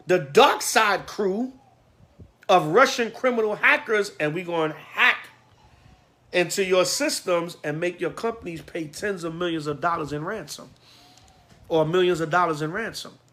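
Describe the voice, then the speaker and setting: A man's voice: high-pitched, moderate pace, sharp tone. A man voicing Russia as a boastful, threatening man who taunts his rival. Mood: taunting.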